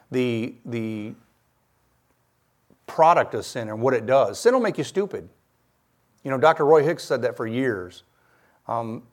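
A man, a travelling guest preacher, telling a personal testimony in a sermon, dropping to a hush and then rising loud and excited. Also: medium pitch. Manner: animated storytelling, swings from quiet to loud.

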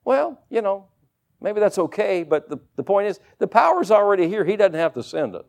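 Male preacher, high and very lively pitch, conversational sermon with homey examples. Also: normal speed, vocal fry. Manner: animated, conversational, folksy asides. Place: church service with congregation.

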